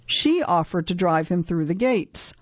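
A woman reading a scripted news feature in a measured, even way. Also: fairly low pitch, no room sound, highs cut off. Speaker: narrator.

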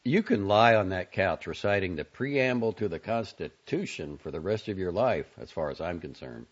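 A man's voice: sits low, expressive, normal speed. A man voicing a glib, outspoken young man in an audiobook reading, wry and sardonic. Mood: earnest. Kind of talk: audiobook character voice. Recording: dull lo-fi audio.

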